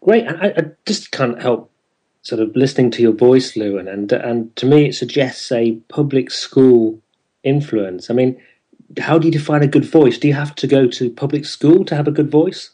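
A man from the north of England interviews a guest in a relaxed, conversational way. His voice sits at an everyday middle pitch, and he asks his questions with curious interest. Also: normal speed, breathy edge.

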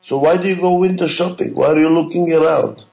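Gravelly man lecturing emphatically. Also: fairly high pitch, fairly even intonation, brisk, a little mellow, reverberant, low-quality recording. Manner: emphatic, repetitive, asks rhetorical questions. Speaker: management lecturer. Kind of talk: classroom lecture.

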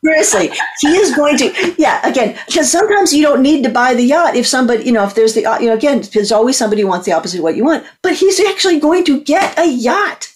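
A woman's voice: high voice, fast talker, hardly any pauses. A woman guest on a talk show telling a long story with lots of energy, acting out the voices of the people in it. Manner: lively, acts out voices in her story. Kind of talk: animated anecdote on a talk show.

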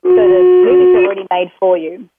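A woman's voice: very high-pitched, sing-song, a little fast, very noisy. Rambling woman on a phone line. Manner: rambling, many fillers and restarts. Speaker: guest, self-help program creator. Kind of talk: conversational interview over a phone line. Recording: tinny phone line, dry.

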